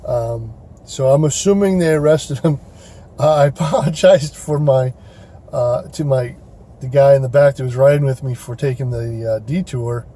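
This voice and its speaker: A rideshare driver vlogger tells a story casually and ramblingly from his car, full of fillers and restarts. His voice is mid-range and mellow, at a moderate pace.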